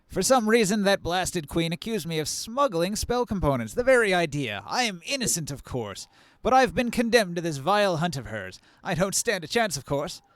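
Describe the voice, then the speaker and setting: A man's voice: high-pitched, sing-song, normal speed, a bit bright, no echo, pitched above the performer's own voice. A man voicing a pompous, wheedling merchant begging for help. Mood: pleading. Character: male merchant, pleading and smarmy.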